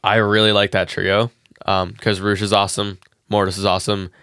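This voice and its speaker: A man's voice: lowish voice, little pitch movement, fairly quick, a bit bright, smooth, no room sound, clean studio sound. A congested man co-hosting a casual wrestling podcast, rambling through match play-by-play with lots of "like" and "um". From Canada. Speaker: podcast co-host. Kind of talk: casual wrestling recap chat. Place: home basement.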